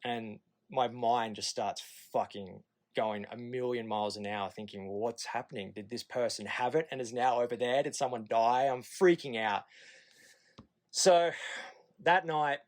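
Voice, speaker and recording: A man's voice: mid-range voice, measured pace. A man in his thirties with an Australian accent, telling a podcast story in a candid, profane way and acting out the nurses' lines. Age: 30s. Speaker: podcast guest. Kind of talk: casual storytelling.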